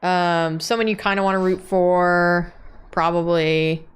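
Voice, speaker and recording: A woman's voice: lowish voice, little pitch movement, unhurried, smooth. A woman teaching character design in a casual, chatty way, full of "like"s and playful jokes. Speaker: drawing instructor. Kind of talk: casual chat while teaching drawing.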